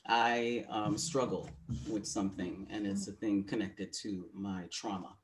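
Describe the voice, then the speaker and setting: Low-voiced man, frank and confiding. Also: fairly even intonation, a little slow, a little hiss or hum. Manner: frank, confiding, with frequent fillers. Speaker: webinar co-host. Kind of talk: candid personal storytelling.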